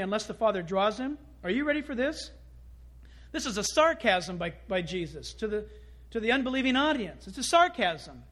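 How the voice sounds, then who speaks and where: A male pastor preaching a sermon, animated and acting out quoted voices. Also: very high-pitched.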